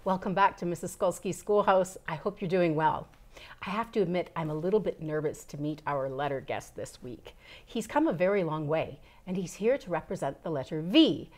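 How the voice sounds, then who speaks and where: Lively woman hosting a kids' lesson. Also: on the low side, normal speed. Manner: animated, playful questions to a puppet guest. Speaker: teacher and host. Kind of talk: children's educational show.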